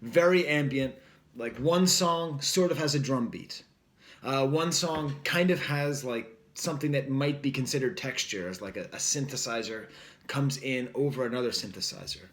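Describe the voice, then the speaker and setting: A man's voice: medium pitch, moderate pace, a bit bright. A man casually reviewing an album, rambling with lots of fillers in a wry tone. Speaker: record reviewer.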